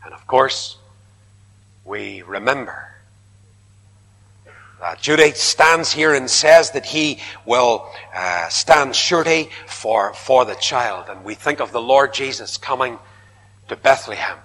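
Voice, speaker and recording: A man preaching a sermon, emphatic, his voice rising to loud repeated protests. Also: mid-range voice, animated, slow pace. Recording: long hall reverb.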